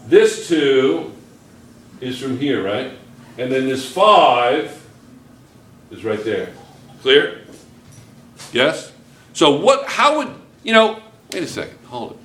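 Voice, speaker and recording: A man's voice: medium pitch, sing-song, slow, pauses often, fairly bright tone. A male chemistry teacher, giving a joking classroom lecture and constantly checking in with students.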